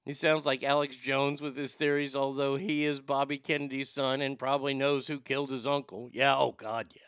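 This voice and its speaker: A man's voice: medium pitch, flat delivery, a little fast, fairly bright tone, clean tone, no room sound, clean studio sound. A man giving loose, rambling commentary on a clip, with sighs and the odd curse. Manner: rambling, sighing, swearing. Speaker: streamer reacting to clips. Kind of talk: casual commentary.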